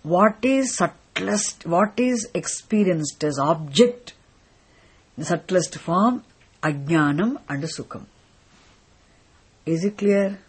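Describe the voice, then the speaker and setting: A teacher giving a philosophy lecture in a deliberate way, often stopping to check that listeners follow. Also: mid-range voice, expressive, breathy edge. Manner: deliberate, repeatedly checks understanding. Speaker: spiritual teacher.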